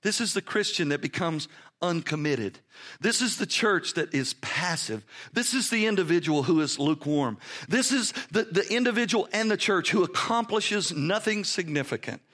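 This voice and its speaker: A preaching pastor, a man with a high-pitched voice who drives his sermon with emphatic swings, dropping quiet and low before climbing loud again. He sounds middle-aged and speaks straight to his congregation. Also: animated, moderate pace.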